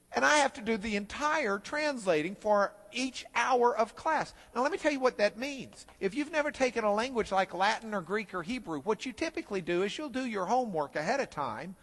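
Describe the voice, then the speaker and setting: A middle-aged man teaching a Bible class, telling a self-deprecating story in an animated way. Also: high voice, long reverb tail. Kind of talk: storytelling lecture.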